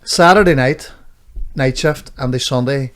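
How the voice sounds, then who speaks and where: A man's voice: mid-range voice, measured pace, a bit bright. A man with a Northern Irish accent, co-hosting a podcast and telling rambling, sweary anecdotes in casual chat. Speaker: podcast co-host.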